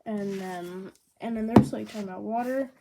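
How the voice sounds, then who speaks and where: A woman giving a casual manga review, rambling and excitable, with lots of "like" fillers. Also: medium pitch, moderate pace, vocal fry, very noisy.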